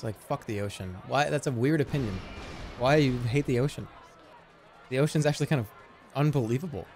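A man's voice: mid-range voice, fairly quick, pauses often, darkish tone, husky. A man in his thirties giving casual, jokey gameplay commentary as a streamer, often sounding incredulous.

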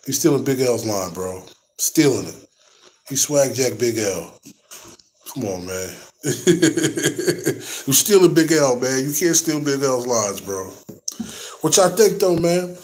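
Male host, casual boxing commentary, animated and slangy, speaks to the audience, ordinary mid pitch. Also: slow pace, low-quality recording. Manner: animated, slangy, talks straight to viewers. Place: at his workplace.

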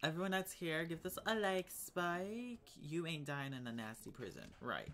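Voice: mid-range voice, sing-song, moderate pace, a bit bright. A young adult gaming vlogger chatting casually while playing, full of slang, gasps and dramatic exclamations. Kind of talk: casual gaming commentary and chat.

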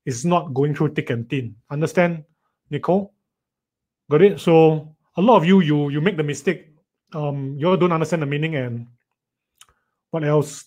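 A man teaching a live online writing lesson, reading students' sentences aloud and teasing them playfully. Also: on the high side. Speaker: writing tutor.

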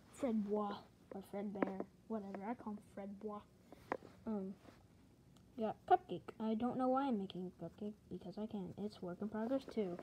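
A woman rambling casually through a show-and-tell vlog at home, often correcting herself as she talks. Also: mid-range voice. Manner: rambling, chatty, self-correcting. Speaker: collector showing plush toys. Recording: loud background noise with clicks.

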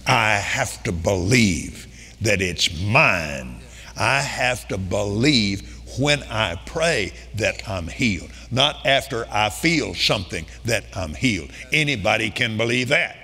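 In a large meeting hall, an older man recounts a healing testimony during his sermon, voicing the quoted speech emphatically. His husky voice is mid-range with a sharp edge, and the hall lends it a long reverb.

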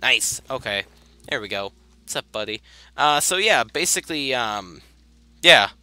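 A man's voice: medium pitch, animated, measured pace, pushed and bright, no room sound. A young man casually commentating his gameplay, rambling, easily sidetracked and apologizing often. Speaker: gaming video host. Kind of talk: casual let's-play commentary.

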